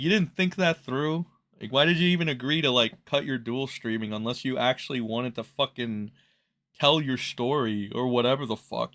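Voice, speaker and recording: A man's voice: mid-range voice, fairly bright tone. A man hosting a reaction commentary, ranting in a profane, mocking way. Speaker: commentary host.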